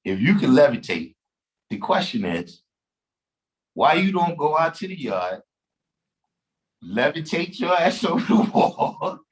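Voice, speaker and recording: A man on a live stream, telling a story slowly in street slang, laughing along. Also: fairly high pitch, sing-song, low-quality recording. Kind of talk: casual live-stream chat.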